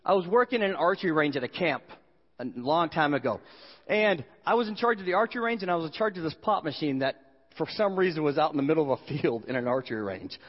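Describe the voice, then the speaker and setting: Animated pastor guy joking his way through a sermon, dull sound, big echoey hall. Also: on the high side, fast talker.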